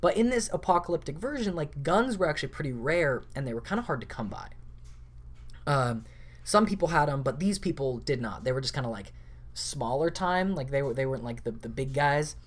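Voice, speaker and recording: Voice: mid-range voice, lively intonation, brisk. A podcast host telling a tabletop game story in a rambling, casual way, full of filler words. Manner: rambling, lots of "like" and laughing asides.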